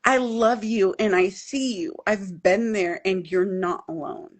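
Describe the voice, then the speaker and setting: A middle-aged woman guest in a casual interview, telling her story in an animated, openly emotional way and acting out the voices she quotes. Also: medium pitch, measured pace.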